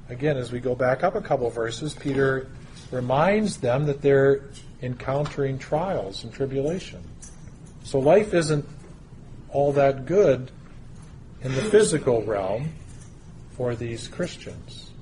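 A man preaching a sermon, teaching through a Bible passage in a measured way with pauses and stressed words. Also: mid-range voice, expressive, darkish tone, slight background noise.

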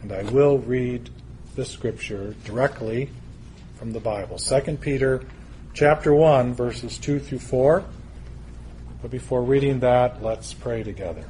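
Slow, deliberate male preacher. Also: medium pitch, dark tone, slight background noise. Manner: slow, deliberate, emphatic build-ups. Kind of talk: sermon.

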